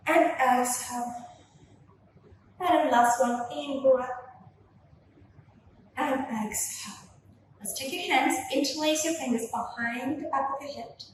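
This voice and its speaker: A young woman leading a gentle Pilates workout with slow, soothing cues, filmed on a camera from across the room. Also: sits high, slight background noise. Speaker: Pilates instructor. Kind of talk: guided workout instruction. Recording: echoey room, voice from a distance.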